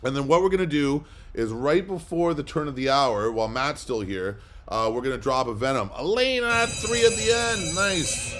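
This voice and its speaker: A man's voice: mid-range voice, sing-song, moderate pace, hardly any pauses, over music. A man hosting a live comic book auction, chatting casually and rambling with lots of fillers between bids. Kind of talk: casual livestream chat.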